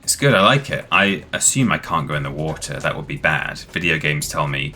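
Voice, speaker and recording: A man hosting a live game stream, rambling happily through his gameplay commentary. His voice sits very low but sounds bright and forceful. Faint game music plays underneath. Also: fairly quick. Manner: chatty, rambling, enthusiastic. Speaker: streamer host.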